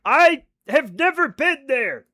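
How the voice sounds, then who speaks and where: Excitable high-voiced man, swearing freely. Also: slow. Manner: excitable, swears a lot, rambling asides. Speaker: livestreamer playing a space game. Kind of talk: casual chat with stream viewers. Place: home at night.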